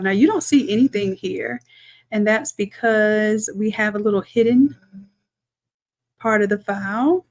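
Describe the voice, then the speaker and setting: A woman, a design instructor chatting through a live-streamed software tutorial, talking to viewers as y'all and thinking aloud as she works. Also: fairly high pitch.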